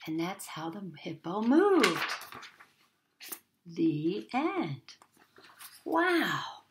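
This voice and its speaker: A woman reading a picture book aloud to children in a gentle, teacherly way. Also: medium pitch, big pitch swings, very slow, pauses often, slight background noise. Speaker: children's story reader.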